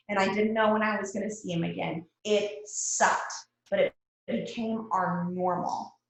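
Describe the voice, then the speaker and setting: A woman's voice: medium pitch, fairly even intonation, a little slow, gravelly, slight background noise. A woman with a Texan accent, guest-hosting a motivational team talk in a chatty way, repeating phrases for emphasis. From Texas. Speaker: guest host. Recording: very echoey room.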